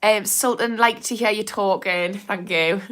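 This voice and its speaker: A woman's voice: medium pitch, fairly even intonation, a little slow, fairly bright tone. Frank Geordie woman therapist. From England. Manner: frank, chatty, swears freely, laughs often. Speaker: addiction therapist hosting a livestream. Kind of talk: casual livestream talk reading chat comments.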